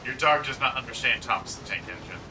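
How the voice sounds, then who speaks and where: A man's voice: mid-range voice, expressive, fast, background noise. Rambling man on a far-off mic. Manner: rambling, lots of "like", self-mocking. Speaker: co-host of a gaming chat. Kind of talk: casual chat. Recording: distant mic.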